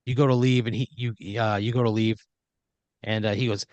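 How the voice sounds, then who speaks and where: Speaking briskly in a medium pitch with fairly even intonation and a darkish tone, a man hosts a comedy podcast with no echo. His improvised second-person story rambles, crowded with fillers and dotted with quoted voices.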